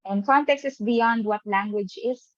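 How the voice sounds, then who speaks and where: A woman's voice: fairly high pitch, moderate pace, dry recording. A woman teacher running an online lesson who keeps checking in with the class by asking "right?". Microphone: webcam mic on a video call. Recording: dull, dry video-call audio.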